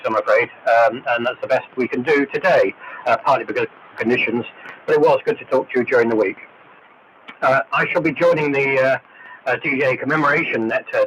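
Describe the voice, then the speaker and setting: A man chatting on an amateur radio net, pausing often with drawn-out fillers as he talks. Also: medium pitch, a bit bright. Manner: hesitant, filled with uh pauses. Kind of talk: casual radio net chat. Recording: noisy muffled AM shortwave reception.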